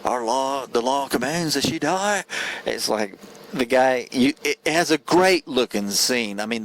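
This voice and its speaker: A man's voice: fairly low pitch, slight background noise, low-quality recording. A man giving a casual spoken film review, earnest and rambling, often stumbling and restarting his sentences.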